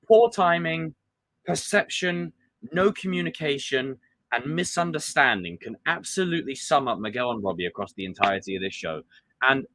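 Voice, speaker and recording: A man hosting a live stream, chatting casually and excitably about a TV show and acting out quotes. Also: on the high side, a little hiss or hum. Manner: animated, excitable, acts out quotes.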